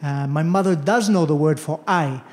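A man's voice: on the high side, moderate pace. A man performing a stand-up comedy set, telling a story animatedly and acting out the voices of the people in it. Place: comedy venue with audience laughter. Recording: roomy hall echo.

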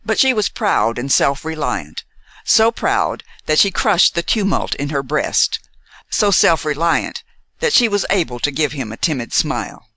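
An audiobook narrator reading a novel in an expressive, measured storytelling manner on a close mic. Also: mid-range voice, no room sound.

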